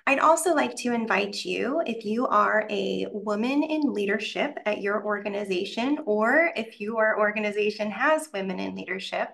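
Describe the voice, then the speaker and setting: A woman's voice: mid-range voice, lively intonation, moderate pace, gravelly, hardly any pauses, a bit bright. A woman hosting a webcast, reading polished, prepared announcements over a video call. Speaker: event host from the organization.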